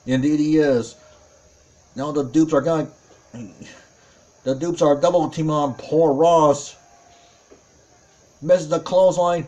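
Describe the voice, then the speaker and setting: A man calling a tag team wrestling match play by play, excitable, with frequent exclamations and self-corrections. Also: fairly high pitch, slow pace, long pauses. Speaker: wrestling commentator. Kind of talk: play-by-play commentary.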